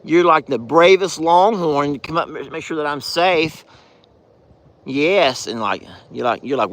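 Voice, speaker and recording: A man's voice: on the high side, expressive, a little slow, fairly bright tone, no room sound. An older man, a rancher who chats casually to the camera and exclaims fondly at his animals. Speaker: rancher vlogger.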